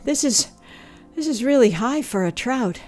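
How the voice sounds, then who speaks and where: A woman's voice: measured pace, faint music behind. A woman voicing a restless male trout who wants to be special, talking eagerly and insistently in a storybook reading. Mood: nervous. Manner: eager, pleading, then excited and shrill.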